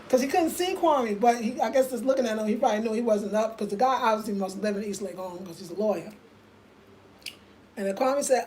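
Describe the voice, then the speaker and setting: An American woman with an African American English accent tells stories in a casual vlog, animatedly acting out other people's lines in quotes. Her voice is on the high side and brisk, and the audio is poor with slight background noise.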